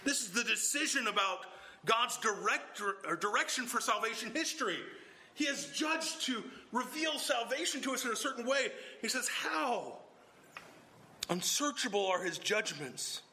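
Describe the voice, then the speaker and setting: At a normal speed, a man preaches an expository sermon with strong emphasis. He alternates between quiet, even passages and sudden exclaimed lines.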